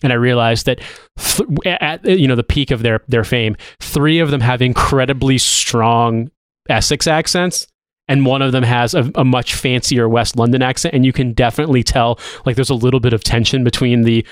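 A man's voice: medium pitch, normal speed, clean tone, no echo. Man, podcast co-host, rambling chat, swears a lot, dry close sound. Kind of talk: casual chat.

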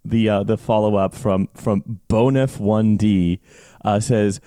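A man's voice: lowish voice, steady tone, takes it slowly, dark tone, no room sound, clean studio sound. A man co-hosting a podcast, joking around with frequent laughs and stumbling restarts. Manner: giggly, jokey, stumbling restarts. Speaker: podcast co-host. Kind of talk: casual chat.

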